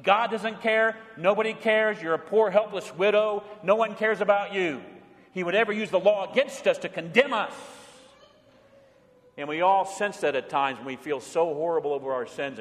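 High-pitched male pastor preaching, storytelling style, long echo like a big church. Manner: storytelling preacher, swings between bold and hushed. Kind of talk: sermon. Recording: long hall reverb.

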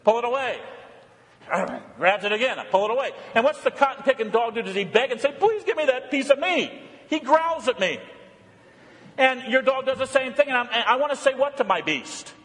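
Male pastor, high register, animated sermon delivery with big swings up and down, recorded in a reverberant church. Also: fairly quick. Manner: animated preaching, rising pitch for emphasis and dropping low and soft for reflection. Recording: long hall reverb.

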